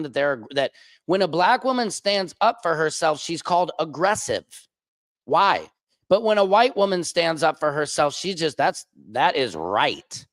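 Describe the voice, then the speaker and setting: A man's voice: a bit bright, dry recording. Crude rambling male streamer, dry sound. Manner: crude, rambling and profane, with big swings in pitch. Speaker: streamer host. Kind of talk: casual livestream monologue.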